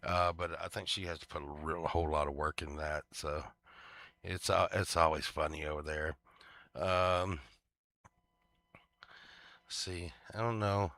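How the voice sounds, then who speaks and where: Slow-talking man, bright and smooth. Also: low-pitched, fairly even intonation, dry recording. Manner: rambling, many fillers and restarts, laughs at his own stories. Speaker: vlogger. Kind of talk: casual rambling chat.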